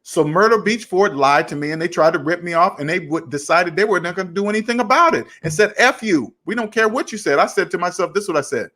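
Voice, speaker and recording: A man with a raised voice, hosting a personal finance channel and telling a story in a casual, animated way, acting out both sides of an argument in quoted dialogue. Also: sits high, fast, few pauses.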